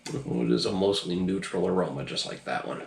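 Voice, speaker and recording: A man's voice: deep voice, lively intonation, brisk, gravelly, echoey room, slight background noise. A man casually reviewing drinks on his channel, a little tipsy, talking loosely and profanely with lots of ums. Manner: loose, profane, rambling with many fillers.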